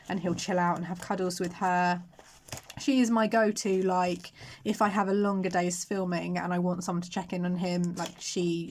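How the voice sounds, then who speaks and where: A young woman from England talks in a casual, rambling way, stopping now and then to react to what she is unpacking. She is recorded at home in natural light, with a faint hiss and small clicks in the background. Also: mid-range voice. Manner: chatty, rambling, breaks off to react to items. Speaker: vlogger. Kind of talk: casual chatty haul video.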